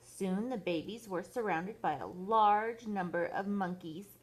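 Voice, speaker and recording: An older woman, a grandmother, reading a bedtime story aloud to children in a gentle, expressive way. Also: medium pitch, unhurried, breathy edge.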